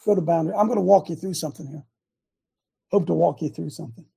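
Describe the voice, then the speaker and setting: An older man hosting a show, preaching a fiery rant that swings between yelling and low muttering. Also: fast talker, creaky, slightly rough. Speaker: host and preacher.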